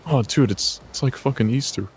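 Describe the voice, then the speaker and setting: A man's voice: medium pitch, moderate pace, faint music behind. A man on voice chat with his teammates, laid-back and repeating himself. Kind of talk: casual gaming chat.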